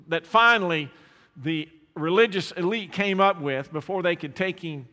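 High-voiced bright preacher in a reverberant hall. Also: male voice, moderate pace. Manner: preaching with rhetorical questions to the congregation. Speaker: pastor. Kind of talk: sermon. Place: church sanctuary.

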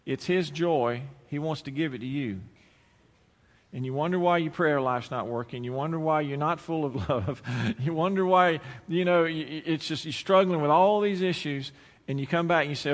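A man's voice: a little high, moderate pace. A man preaching a sermon to his church, folksy and storytelling, acting out both sides of a conversation. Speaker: pastor. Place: church sanctuary. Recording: church hall with long reverb.

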